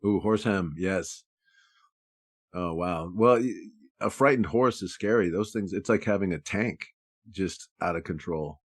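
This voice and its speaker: Low-pitched male co-host, casual jokey banter, dry close sound. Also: unhurried, no room sound. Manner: joking, riffing, with restarts. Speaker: podcast co-host. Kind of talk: casual chat.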